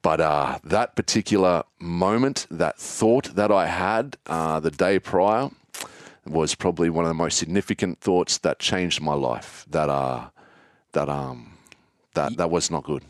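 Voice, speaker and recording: A man's voice: deep voice, measured pace, dry recording, studio quality. A man telling his life story in a casual interview, acting out the voices of people from his childhood. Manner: animated, acts out childhood voices.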